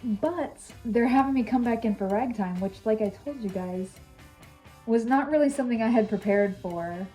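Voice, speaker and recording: Young woman, casual vlogger; dark mellow voice, loose and chatty. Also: fairly high pitch, normal speed, soft background music, low-quality recording. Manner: chatty, filler-heavy, candid. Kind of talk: casual vlog chat.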